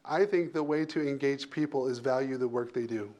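A man's voice: medium pitch, brisk, a little mellow, muffled recording. Punchy, emphatic male HR leader. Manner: emphatic, punchy short phrases with repetition. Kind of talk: speaking as guest on a panel.

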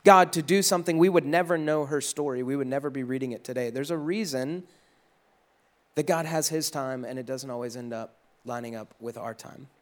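A man preaching a casual, conversational sermon, animated and acting out crowd voices. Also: mid-range voice, fairly quick. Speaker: pastor.

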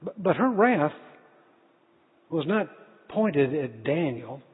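A man's voice: fairly high pitch, very animated, takes it slowly, breathy edge. Earnest male preacher, tinny hall sound. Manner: earnest storytelling with restarts. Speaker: pastor. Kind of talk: sermon.

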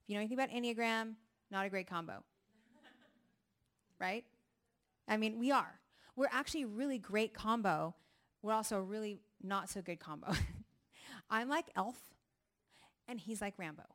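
Animated middle-aged woman telling a story. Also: mid-range voice, moderate pace, pauses often. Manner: animated storyteller, acts out quoted voices. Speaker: speaker at a ministry gathering. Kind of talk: personal testimony talk.

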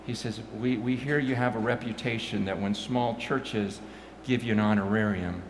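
A pastor telling animated stories, swinging from quiet asides to loud bursts and repeating his words as he goes. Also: fairly low pitch, normal speed, roomy sound, slight background noise. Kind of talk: animated storytelling talk.

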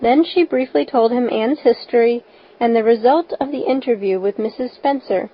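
A woman reading a story aloud as narrator, in a steady, even storytelling manner. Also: fairly high pitch, moderate pace. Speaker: audiobook narrator. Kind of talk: scripted narration. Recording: dull lo-fi recording.

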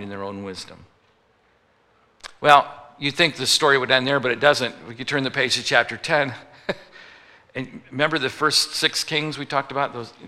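Man, pastor, sermon, playful and teasing, very bright tone, long church-hall reverb. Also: medium pitch. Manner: jokey, acts out little voices for the people he quotes.

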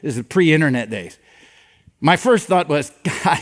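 A man's voice: on the high side, moderate pace. An older man preaching a sermon as a pastor, telling stories and acting out the dialogue with animation. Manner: animated storytelling that acts out dialogue. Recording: long reverb of a large hall.

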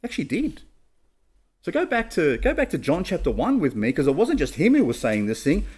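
A man's voice: a little high, wildly swooping pitch, fairly quick, a little mellow, breathy edge. A man preaching a sermon, reading King James scripture aloud and putting questions to his listeners before answering them himself. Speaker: pastor.

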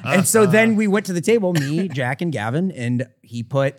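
A man hosting a podcast, telling an anecdote in a casual, animated way and acting out the people in it. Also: fairly high pitch, normal speed, a crowd in the background. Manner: animated storyteller, laughs often, acts out the people he quotes. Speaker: podcast host. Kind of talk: casual storytelling chat.

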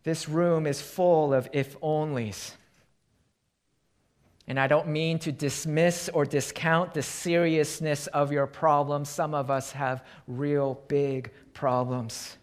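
A male pastor delivers a sermon at an unhurried pace. He tells illustrative stories and sinks into a quiet tone for emphasis. His voice sits a little high for a man. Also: steady tone, clean tone.

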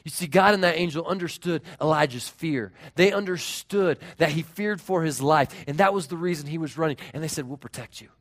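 A man in his thirties preaching a sermon as pastor, earnest, moving between raised emphasis and hushed, tender tones. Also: a little high, fairly quick, hardly any pauses.

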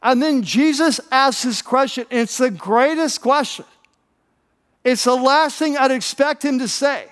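A man's voice: very high voice, measured pace, fairly bright tone, long reverb tail. A pastor preaching a sermon, telling a story animatedly and often repeating words as he builds up.

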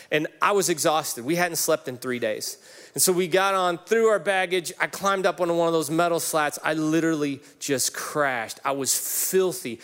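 A man's voice: a little high, fairly bright tone. Emotional man in his forties preaching. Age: 40s. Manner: emotional, personal storytelling with frequent fillers. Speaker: pastor. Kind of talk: sermon.

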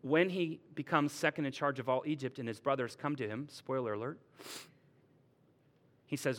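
A male pastor giving a conversational, lively sermon with playful retellings. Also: medium pitch, normal speed, long pauses.

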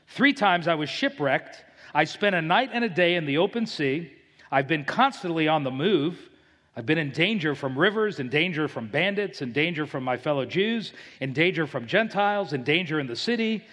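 High-voiced preacher in a reverberant hall. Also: male voice, a bit bright. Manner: dramatic scripture reading with rising emphasis. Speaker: pastor. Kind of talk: expository sermon.

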